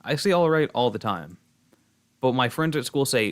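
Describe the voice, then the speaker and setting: A young man streams a game and chats casually with his viewers, rambling with plenty of fillers and restarts. He speaks at a moderate pace in a medium-pitched, sing-song voice.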